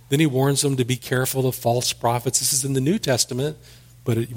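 A man preaching a sermon, reading scripture aloud and then explaining it in plain words, with small restarts. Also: medium pitch. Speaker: pastor.

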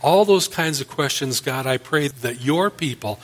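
A man's voice: medium pitch, expressive, unhurried. A male pastor preaching a Bible-study sermon and leading an earnest closing prayer.

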